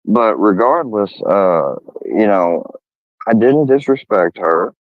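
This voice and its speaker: A man's voice: on the low side, lively intonation, slow pace, no echo. A man telling a story in casual talk, swearing a lot and getting heated as he acts out what others said. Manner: profane, heated, quotes others in a raised voice. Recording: dull, dry lo-fi sound.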